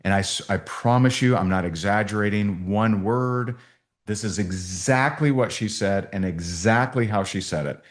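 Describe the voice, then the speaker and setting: Lower-voiced man telling sales stories. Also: moderate pace. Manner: storytelling, acts out both sides of calls. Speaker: sales and recruiting trainer. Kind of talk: training talk with stories.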